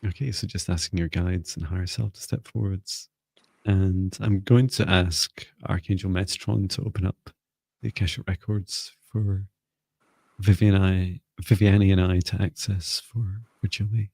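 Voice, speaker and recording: A man giving live spiritual readings and energy clearings, speaking slowly and soothingly. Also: sits low, fairly even intonation, darkish tone, no echo, studio quality. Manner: slow, soothing, meditative. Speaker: spiritual reader.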